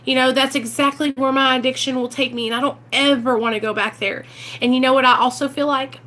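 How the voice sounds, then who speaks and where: A woman from Arkansas with a Southern accent talks to her viewers from inside a car about recovery from addiction, earnest and emotional, sometimes near tears. Her voice is high and sharp, slightly fast, with fairly even intonation, in a heartfelt, casual recovery vlog.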